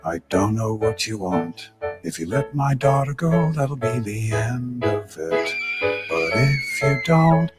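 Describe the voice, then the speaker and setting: A man singing as a grim, vengeful father who threatens a kidnapper, in a slow, menacing musical parody. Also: medium pitch, very animated. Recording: loud music backing.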